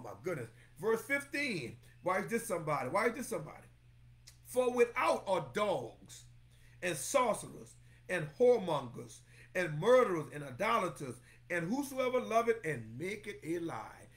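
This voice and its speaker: A man's voice: sits high, a bit bright. A man preaching a fervent sermon as pastor, repeating phrases and calling on members of his congregation by name.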